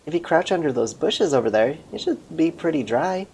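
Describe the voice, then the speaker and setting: A man voicing a relaxed young female fire goddess in a game, in a near-everyday voice. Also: on the high side, a little fast, slight background noise.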